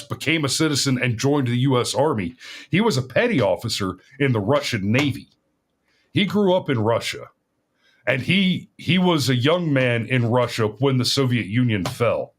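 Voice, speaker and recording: A man's voice: medium pitch, lively intonation, normal speed, slight background noise. A middle-aged man co-hosting a podcast, talking casually about politics in a rambling way, often restarting his sentences. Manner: rambling, restarts often, laughs at own stories. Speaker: podcast co-host.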